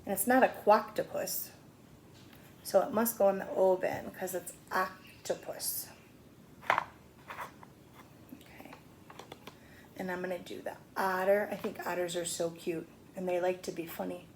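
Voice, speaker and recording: A woman's voice: fairly low pitch, steady tone, a little slow, long pauses, a little hiss or hum. A middle-aged woman teaching a phonics lesson to young children, patiently sounding out words.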